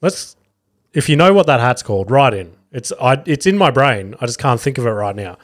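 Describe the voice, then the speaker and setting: A man's voice: mid-range voice, big pitch swings, brisk. An Australian man hosting a casual solo podcast, rambling through a story and swearing often. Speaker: podcast host.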